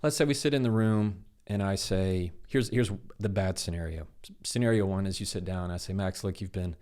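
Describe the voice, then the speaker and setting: Low-voiced man explaining conversations. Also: brisk, clean tone. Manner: animated, acts out quoted dialogue. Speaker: guest, communication expert. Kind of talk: conversational interview.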